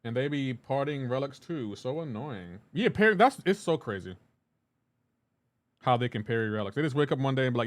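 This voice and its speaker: A man's voice: mid-range voice, lively intonation, brisk. A man streaming a game live, chatting casually, reading and answering chat aloud in a joking, teasing way.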